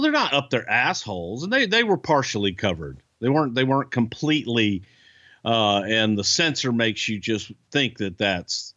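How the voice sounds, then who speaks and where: A man's voice: mid-range voice, bright, forceful tone, no echo, highs cut off. A man co-hosting a casual podcast chat, blunt, swearing freely, with lots of fillers and restarts. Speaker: podcast co-host, wrestling insider.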